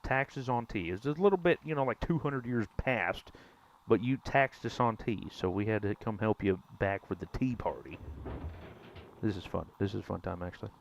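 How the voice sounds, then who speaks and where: A man's voice: lowish voice, normal speed, gravelly, a little hiss or hum. A man, casually joking and teasing his chat during a live game stream. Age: 20s. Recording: dull lo-fi stream mic.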